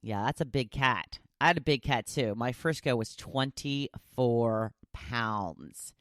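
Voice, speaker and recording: A woman's voice: rumbling low, expressive, slow pace, no echo, studio quality. A woman hosting a solo podcast, chatting casually and animatedly, often laughing as she talks. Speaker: podcast host.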